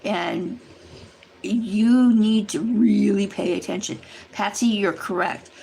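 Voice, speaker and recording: Woman with a gravelly fry, earnest. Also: mid-range voice, slow pace, warm tone, poor audio. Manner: earnest, rambling, warning tone; addresses viewers directly. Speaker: livestream host. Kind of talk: casual chat to a live audience.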